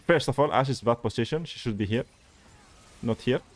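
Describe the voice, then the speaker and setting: A man's voice: mid-range voice, a little fast. Exasperated male coach. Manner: exasperated, animated critique. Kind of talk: live-streamed gameplay review.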